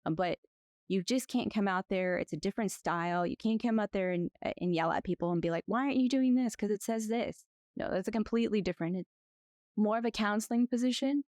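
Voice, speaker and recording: A woman lawyer being interviewed, chatting in a rambling, lively way with frequent restarts. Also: mid-range voice, fast talker, dry recording, studio quality. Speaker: guest, lawyer. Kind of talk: conversational interview.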